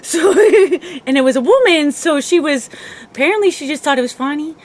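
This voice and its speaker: A woman's voice: high voice, animated, normal speed. A woman co-hosting a casual comedic chat, blunt and swearing, laughing a lot. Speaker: co-host.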